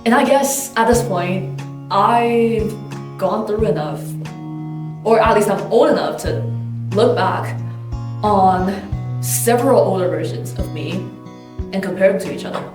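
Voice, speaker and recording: A woman's voice: mid-range voice, measured pace, long pauses. A woman giving a candid, thoughtful personal reflection as a documentary interviewee. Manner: candid, thoughtful, with casual fillers. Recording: roomy distant mic. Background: soft guitar music.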